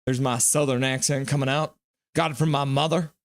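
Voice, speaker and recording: A man hosting a live hockey reaction stream, calling plays and reading out chat messages with excitement. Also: mid-range voice, a little fast, dry recording. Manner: excitable, chatty, reads chat aloud.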